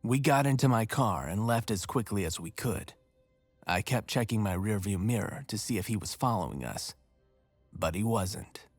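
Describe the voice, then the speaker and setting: A man narrating a first-person horror story in a measured, steady way. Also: lowish voice, no echo. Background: faint music.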